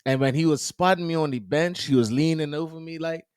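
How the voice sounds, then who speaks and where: Brief: man, podcast co-host, animated slangy storyteller, dry close mic. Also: a little high, fairly quick, clear, resonant tone, dry recording. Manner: animated storyteller, quotes people in his own voice; loose slangy talk with frequent "you know what I'm saying". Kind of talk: casual chat.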